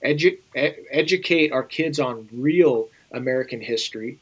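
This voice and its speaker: A man's voice: medium pitch, normal speed, slightly rough, low-quality recording. A man speaking as an interview guest in an urgent, emphatic way, often repeating phrases. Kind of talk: earnest interview conversation.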